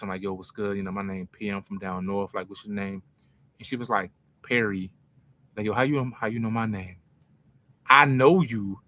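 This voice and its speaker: Animated streetwise Philly man, bright voice. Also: mid-range voice, no room sound. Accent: Philadelphia. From North Philadelphia. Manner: animated, self-mocking, streetwise slang. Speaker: podcast host. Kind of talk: casual storytelling to a live chat.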